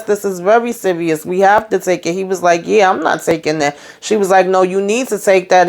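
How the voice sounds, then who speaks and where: A woman casually recapping a TV drama episode, retelling scenes as quoted dialogue with salty slang. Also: on the low side. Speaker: YouTube recap host.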